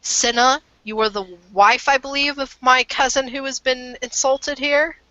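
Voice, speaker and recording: Woman playing a stern den mother, slow and bright-toned, dull lo-fi line. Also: high voice, fairly even intonation, pitched above the performer's own voice. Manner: commanding, dry and fed up. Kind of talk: voiced tabletop role-play. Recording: dull lo-fi voice chat.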